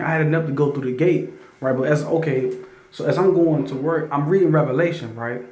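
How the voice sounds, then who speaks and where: A man recounts a spiritual testimony in loose, excited talk, tripping over restarts as the story builds. He shifts into loud, emphatic scripture reading. His fairly high voice rings around a roomy, echoing space. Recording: roomy echo.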